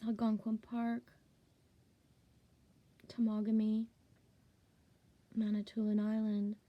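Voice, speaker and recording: In a muffled recording with no echo, a woman from Ontario speaks slowly and monotonously in a mid-range voice. It's a casual vlog where she shares a personal story, cursing often, saying "like" a lot, and at times lowering to a whisper.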